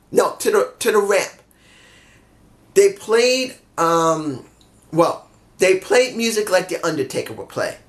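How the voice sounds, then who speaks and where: A man casually reviewing a wrestling show, excitable, swearing freely and laughing often. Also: high-pitched.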